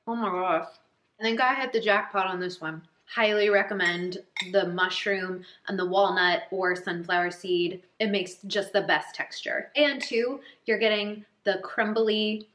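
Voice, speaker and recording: A woman's voice: medium pitch, sharp tone. A young woman vlogger talking casually through her cooking at home in a kitchen, chatty and upbeat with frequent "like"s. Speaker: wellness vlogger. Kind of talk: casual cooking vlog narration.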